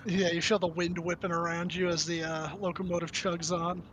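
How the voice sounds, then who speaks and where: A man's voice: on the high side, flat delivery, a little fast, a bit bright, slight background noise. A man narrating as game master of a Western tabletop game, chatty and loose with many fillers.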